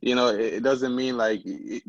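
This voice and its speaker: A man's voice: medium pitch, fairly even intonation, normal speed, lo-fi sound. A young man from Antigua, a podcast guest, chatting in an easygoing way with frequent laughs and fillers. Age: young adult. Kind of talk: casual interview chat.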